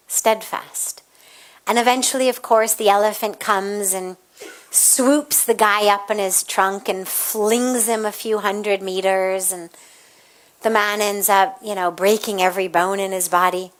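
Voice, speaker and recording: A woman spiritual teacher giving an evening satsang talk, telling a story in measured, deliberate phrases and acting out the voices in it. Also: mid-range voice, steady tone. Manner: storytelling, acts out quoted voices.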